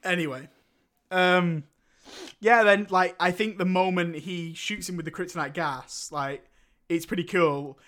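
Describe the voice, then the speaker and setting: A man's voice: sits high, fairly even intonation, a little slow, a bit bright. A young man, co-hosting a casual film review podcast, joking and laughing often as he retells scenes. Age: young adult. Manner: laughs often, jokey, mimics film characters. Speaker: podcast co-host.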